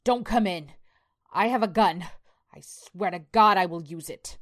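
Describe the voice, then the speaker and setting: A terrified, grief-stricken husband in a horror audio story, voiced by a woman narrator. He shouts in raw desperation, loud and strained, from a slightly low-set voice. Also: a little slow, lightly acted. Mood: panicked.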